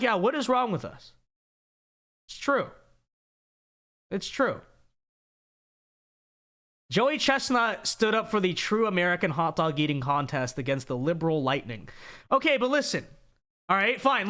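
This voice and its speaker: A young man hosting a livestream rants casually and emphatically, repeating himself to drive the point home. His high voice is very animated, pushed and bright, moving at a moderate pace with long pauses.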